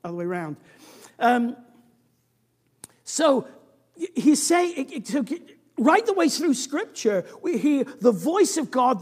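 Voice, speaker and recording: A preacher delivering a sermon in a church, swinging from booming emphasis to a near-whisper, often restarting and repeating words. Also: long reverb tail.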